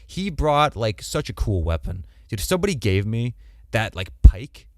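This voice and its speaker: A man co-hosting a podcast, chatting casually and animatedly, swearing and slipping into quick mock voices. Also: mid-range voice, very animated, dry recording, studio quality. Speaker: podcast co-host. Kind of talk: casual chat.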